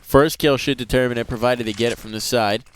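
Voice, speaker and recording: A man's voice: mid-range voice, fairly even intonation, brisk. A male esports commentator calls the action live into a headset mic, his play-by-play climbing in energy as the round heats up. There is a faint hum of noise behind his voice. Clicks come through now and then. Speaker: esports caster. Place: live event broadcast booth.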